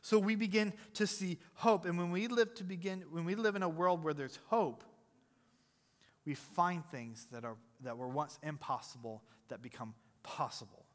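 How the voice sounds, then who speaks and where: A man's voice: fairly high pitch, normal speed. A man preaching a sermon as pastor, conversational and jokey, quizzing the congregation between earnest points, in a church sanctuary. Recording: long hall reverb.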